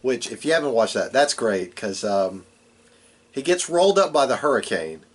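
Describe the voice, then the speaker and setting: A man's voice: mid-range voice, big pitch swings, normal speed, slightly rough. A man co-hosting a podcast, casually recapping a wrestling show with lots of ums and uhs. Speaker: podcast co-host.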